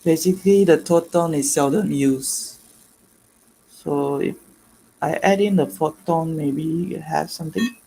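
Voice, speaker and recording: A man's voice: on the high side, creaky, dark tone, a little hiss or hum, poor audio. A man presenting a live online demonstration on a video call, explaining step by step and stopping often to correct himself. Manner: halting, self-correcting, step-by-step. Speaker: guest presenter.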